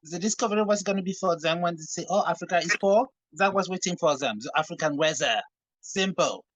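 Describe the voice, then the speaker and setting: High, lively male guest voice, dry sound. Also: fairly quick, no echo, lo-fi sound. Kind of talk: casual chat.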